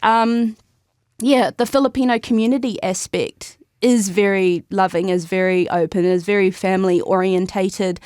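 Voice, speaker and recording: A young woman chats as a podcast guest, telling her stories freely and breaking into laughter mid-sentence. Her voice sits at an ordinary middle pitch. The sound is close and dry, with no room echo. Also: fairly even intonation, moderate pace, a little mellow, clear, resonant tone. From New Zealand. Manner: chatty storyteller, laughs often mid-sentence. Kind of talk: casual interview chat.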